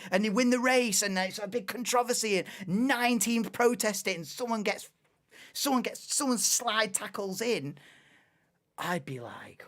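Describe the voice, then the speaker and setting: Excitable young woman streamer. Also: medium pitch, normal speed. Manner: excitable, rambling, laughs often. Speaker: live stream host. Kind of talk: casual live watchalong chat.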